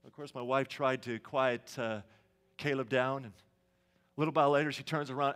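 A man's voice: medium pitch, fairly even intonation, moderate pace, a bit bright, smooth. A middle-aged male pastor preaching a sermon in a church sanctuary, telling stories conversationally and asking the congregation questions.

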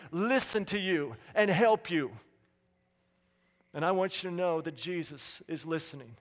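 A man preaching a sermon as pastor, dramatic, dropping to a hush and then rising to loud calls. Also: sits high. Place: church sanctuary. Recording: long hall reverb.

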